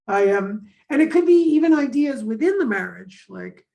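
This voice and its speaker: A woman's voice: on the high side, moderate pace, gravelly, rough recording. A woman teacher talking casually on a video call, telling stories and acting out the dialogue she quotes. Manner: animated storyteller, acts out quoted dialogue. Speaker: course teacher. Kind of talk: casual conversation.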